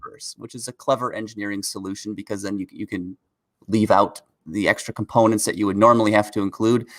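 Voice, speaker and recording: Co-hosting a casual car news live stream, a man chats in a laid-back way, often chuckling as he reads viewers' chat questions aloud. His voice is lowish, steady and fairly bright, and he speaks fast.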